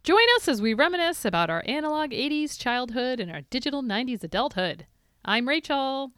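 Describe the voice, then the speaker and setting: A woman's voice: sits high, animated, brisk, fairly bright tone, clean tone, dry recording, studio quality. A woman co-hosting a podcast in casual chat, playful and laughing often as she banters. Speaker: podcast co-host.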